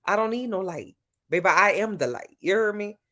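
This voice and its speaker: With a medium-pitched, fairly bright voice and lively intonation, this Louisiana woman keeps a moderate pace as she answers her stream chat. She's at home at night, talking directly to viewers in a sassy, playful, casual way, her Louisiana accent clear.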